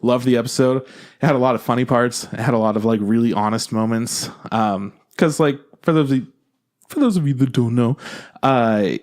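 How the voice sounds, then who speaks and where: A man's voice: mid-range voice, moderate pace, a little mellow. A man co-hosting a podcast, chatting casually and rambling, with frequent swearing. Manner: loose, rambling, swears freely. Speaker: podcast co-host. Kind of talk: casual chat.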